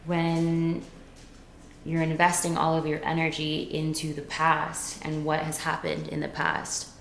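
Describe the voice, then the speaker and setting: A woman vlogging, talking thoughtfully and softly to camera about her own habits and fears, sometimes dropping to a whisper. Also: low voice. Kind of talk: reflective casual talk to camera. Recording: echoey room with faint background noise.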